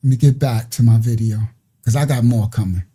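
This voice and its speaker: Guy hosting a ministry stream, husky and kinda dark voice, preachy. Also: mid-range voice, a little fast. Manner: preachy, laughs and repeats himself. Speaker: ministry host. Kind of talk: live stream commentary.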